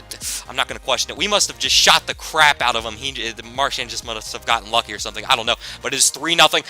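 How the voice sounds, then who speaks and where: High, bright-voiced excitable young man. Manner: excitable, swings from mutter to shouting. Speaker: gaming YouTuber. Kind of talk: excited play-by-play commentary over a sports game.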